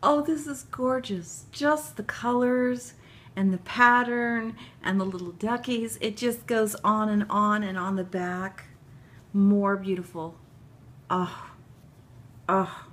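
A woman unboxing a gift package on her vlog, tearful and gushing, laughing through her tears and dropping into soft whispers. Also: mid-range voice, steady tone, slow. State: tearful, crying while talking. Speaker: vlogger opening a gift package.

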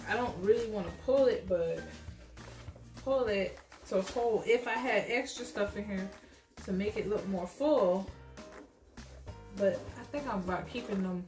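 A young woman chatting excitedly to her viewers in a casual home vlog, often calling them y'all. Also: mid-range voice, normal speed. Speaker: vlogger. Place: at home, in pajamas. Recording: echoey room with loud music behind.

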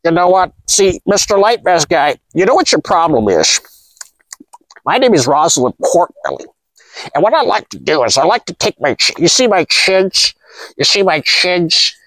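A man's voice: high-pitched, very animated, normal speed, fairly bright tone, no room sound, voice pushed up, heavily acted, low-quality recording. A man putting on a mocking comic voice of an overweight woman who overeats, in a sneering, exaggerated way during a vlog rant. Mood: defiant.

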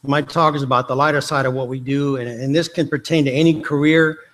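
A man's voice: medium pitch, fairly even intonation, fairly quick. A man from Texas, an athletic trainer telling self-deprecating, joking stories in a conference lecture. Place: lecture hall.

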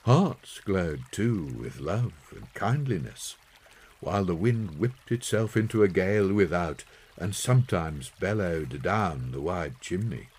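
A man reading a children's story aloud in an expressive, unhurried way. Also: sits low, husky. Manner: slow, lively expressive reading. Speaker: audiobook narrator. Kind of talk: storybook narration.

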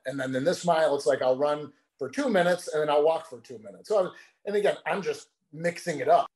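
Brief: male co-host, relaxed storyteller who tends to ramble. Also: fairly high pitch, fast. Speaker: podcast co-host. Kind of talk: casual chat.

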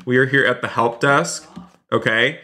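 A man's voice: mid-range voice, moderate pace, noisy background. A man streaming a role-play game live, chatting to viewers and exclaiming often. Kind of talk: live gaming commentary.

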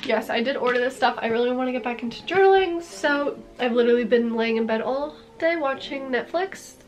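A young woman with a cold talking excitedly in a casual haul vlog, gushing over her purchases. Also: fairly high pitch. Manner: bubbly and gushing, lots of "like" and "are you kidding me". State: congested with a cold. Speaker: vlogger.

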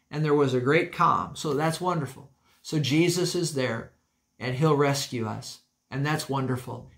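A male pastor delivers a sermon in a church with a fairly high voice. He talks in an emphatic, folksy way, driving points home by repeating phrases and often restarting sentences. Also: fairly bright tone.

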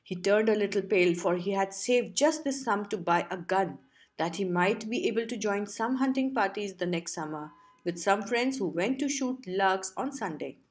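Woman reading a story audiobook, steady mid-pitched voice. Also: moderate pace. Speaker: audiobook narrator.

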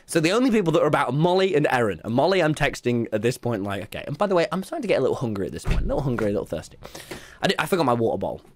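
A British man streaming, telling a story to his chat in an excitable, laughing way that breaks into shouts. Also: medium pitch, very fast, a little hiss or hum.

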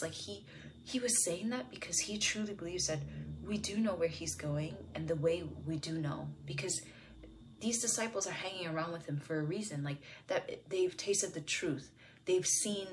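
A woman sharing a personal Bible reflection, speaking softly and musingly with many fillers, sometimes dropping to a whisper. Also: fairly low pitch, moderate pace, slight background noise. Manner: soft-spoken, musing, with frequent fillers. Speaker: devotional video host.

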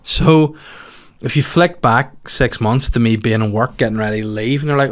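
This is a casual solo podcast monologue from a mid-thirties comedian from Northern Ireland, speaking at a moderate pace with a fairly bright tone and a pitch in the middle of the male range. Sweary and jokey, he meanders through his stories and now and then puts on mocking voices.

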